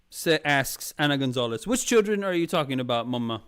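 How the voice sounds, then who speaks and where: A man chats casually to his stream viewers, rambling and restarting with plenty of fillers. He keeps calling them "Mama". His voice is smooth and clear and sits at a middle pitch. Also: expressive, brisk, few pauses, a bit bright. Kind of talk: casual review chat.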